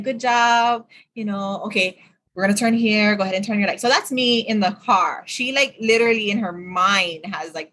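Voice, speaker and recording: A woman's voice: medium pitch, pushed and bright, slightly rough. A woman, co-hosting a podcast in easy, chatty talk and laughing readily. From Hawaii. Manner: chatty storyteller, laughs easily. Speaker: podcast co-host. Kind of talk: casual chat.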